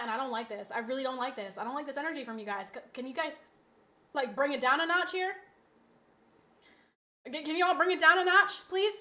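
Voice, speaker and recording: Brash young woman streamer, bright high voice, mouthy banter with chat. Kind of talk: casual livestream chat.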